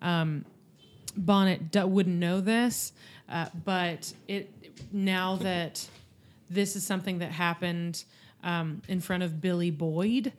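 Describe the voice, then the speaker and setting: A woman's voice: lowish voice, fairly even intonation, slow pace. A woman co-hosting a podcast in casual chat who laughs often and chimes in with corrections. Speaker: podcast co-host. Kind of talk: casual chat recapping a TV episode.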